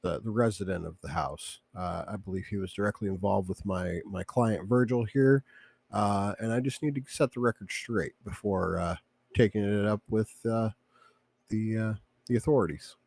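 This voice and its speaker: A man playing a tabletop game, talking in a dry, halting way. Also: fairly low pitch, vocal fry, a little mellow, husky, no echo. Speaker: player. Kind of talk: casual play and in-character talk.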